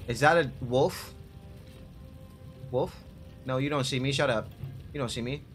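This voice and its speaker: A man's voice: medium pitch, a little slow, pauses often. A man commenting on his own gameplay as a streamer, frustrated and cursing at enemies while he plays. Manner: frustrated, swearing, talking to the game. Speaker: gaming streamer. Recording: game music loud behind voice. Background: game music.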